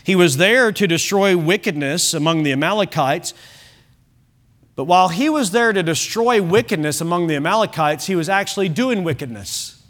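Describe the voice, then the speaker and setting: A male pastor preaching an evening sermon, emphatic, with frequent restarts and softer asides. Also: high voice, expressive, moderate pace. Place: church service.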